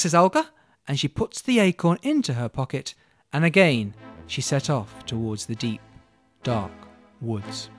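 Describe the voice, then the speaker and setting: A man telling a fairy tale with an animated, lively voice that climbs and drops with the story. He sounds playful and speaks straight to the listener. The sound is close and dry, with faint music underneath. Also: on the high side, moderate pace, dry recording. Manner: expressive, playful, addresses listener. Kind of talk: dramatic storytelling.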